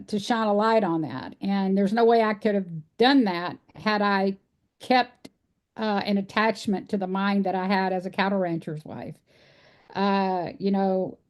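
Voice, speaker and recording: Texan woman, interview guest, earnest folksy storyteller. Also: mid-range voice. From Texas. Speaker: guest, animal rights speaker. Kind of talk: casual interview conversation.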